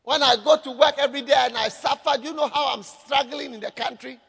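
A proud, scornful miser voiced by a man mid-sermon, incredulous and complaining. His raised voice sounds high and bounces around a long, echoing hall. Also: steady tone, fairly quick, vocal fry, a bit bright, slightly rough, exaggerated voice. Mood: indignant. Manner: mocking, incredulous repetitions. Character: scornful stingy rich man, indignant and proud. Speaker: pastor. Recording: echoey hall reverb.

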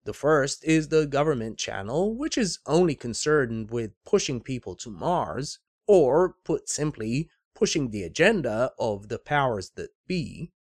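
Slow, measured man narrating a book analysis. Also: mid-range voice, big pitch swings, no room sound, studio quality. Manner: measured, deliberate delivery with wry asides. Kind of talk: scripted narration with read-aloud quotes.

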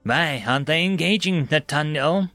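A man's voice: on the high side, normal speed, pushed and bright, no room sound, faint music behind. A man voicing a stern, veteran woman starship captain who barks orders at her crew. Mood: terse.

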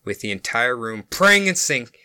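Bright dry male podcast narrator. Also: mid-range voice, very animated, normal speed, smooth, no echo. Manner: casual, amused. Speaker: podcast host narrating a case. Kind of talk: storytelling narration.

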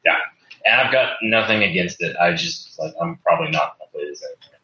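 A man talks through a roomy, dull-sounding line, his voice bright and forceful. He rambles and corrects himself mid-sentence in a loose, casual chat. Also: deep voice, lively intonation, fairly quick. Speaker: podcast guest player. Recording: echoey, muffled remote audio.

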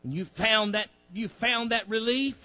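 A man's voice: sits high, unhurried, bright, forceful tone, highs cut off, soft background music. A male preacher, delivering a fiery sermon with folksy grammar, directing a reader and acting out pleading voices.

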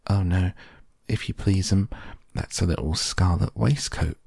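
A man's voice: sits low, a little slow, gravelly, darkish tone, husky, no echo, clean studio sound, heavily acted. A man voicing a small, stout hedgehog washerwoman who answers with anxious, bobbing politeness. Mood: fussing politely. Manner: bobbing polite, "if you please, 'm".

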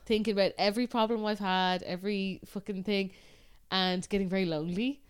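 A woman's voice: medium pitch, steady tone, a little fast, clear, resonant tone. An Irish woman co-hosting a podcast, telling a story in a chatty, sweary way and laughing often. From Ireland. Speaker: podcast co-host. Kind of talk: casual chat.

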